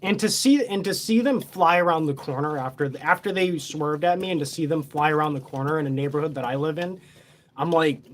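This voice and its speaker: A man's voice: a little high, fairly quick. A man telling a story in a casual, boastful, heavily profane, rambling way.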